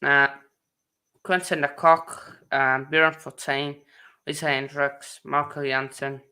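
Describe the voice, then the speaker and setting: A man hosting a casual sports chat, halting and full of fillers and restarts. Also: on the high side, level tone, pushed and bright. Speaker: host.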